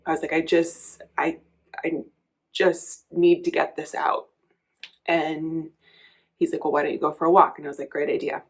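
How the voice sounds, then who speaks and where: A woman's voice: low voice, little pitch movement, normal speed, long pauses, slightly rough. Candid woman telling a personal story. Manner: candid, reflective, emotional storytelling with restarts. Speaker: coach and vlogger.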